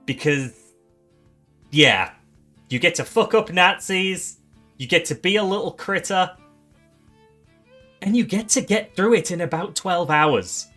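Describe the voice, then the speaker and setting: Brief: male streamer presenting game awards, animated swings in pitch, faint music underneath. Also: measured pace, pauses often. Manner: excitable, swears, stumbles and restarts.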